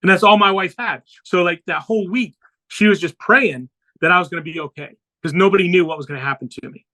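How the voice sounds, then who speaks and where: A man's voice: high voice, quick pace, pushed and bright, low-quality recording. A man on a podcast, earnestly telling a personal story and acting out the dialogue he quotes. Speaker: podcast guest.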